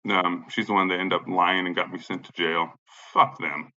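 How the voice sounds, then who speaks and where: A man's voice: low-pitched, little pitch movement, moderate pace, sharp tone. A man in an angry, profane rant, agitated, repeating himself and swearing constantly. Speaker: vlogger. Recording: dull lo-fi sound.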